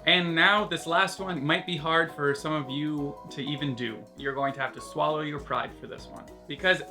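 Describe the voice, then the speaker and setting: A man's voice: fairly high pitch, steady tone, moderate pace, sharp tone, faint music behind. A Canadian man with a Canadian accent, talking straight to camera in a jokey, casual vlog and swearing freely. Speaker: vlogger. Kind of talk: comedic vlog monologue.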